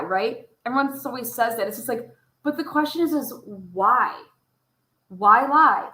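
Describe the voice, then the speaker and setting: A woman's voice: a little high, lively intonation, measured pace, pushed and bright, echoey room, poor audio. A woman giving casual true crime commentary over case footage. She swears freely and fires off pointed rhetorical questions. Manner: profane, rhetorical, asks many pointed questions.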